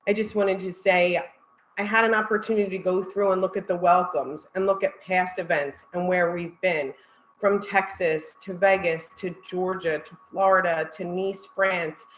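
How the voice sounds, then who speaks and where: A woman's voice: on the low side, fairly even intonation, moderate pace, roomy sound, a little hiss or hum, rough recording. A woman presenting at a virtual conference, heartfelt and close to tears as she thanks her audience. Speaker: marketing executive presenter.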